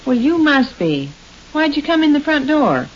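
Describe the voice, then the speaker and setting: Homey, exclaiming housewife, 1930s radio comedy, muffled hissy sound. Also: female voice, high-pitched, sing-song. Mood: bustling. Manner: quick homey exclamations, teasing. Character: fussy, practical middle-aged housewife. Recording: hissy lo-fi old radio recording.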